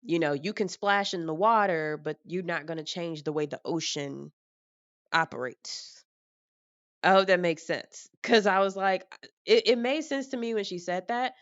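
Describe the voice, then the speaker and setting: A young woman with a low, smooth voice talks frankly and casually, rambling through her thoughts and tossing in some swearing. The sound is dry and close, though a little dull. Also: moderate pace, no room sound. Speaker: vlogger. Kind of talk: casual personal talk.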